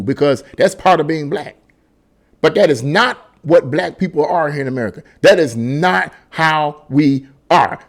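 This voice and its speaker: Emphatic, rambling man with a higher voice. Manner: rambling, emphatic, many restarts and repeated words. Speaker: political commentary vlogger. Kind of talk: casual opinion monologue.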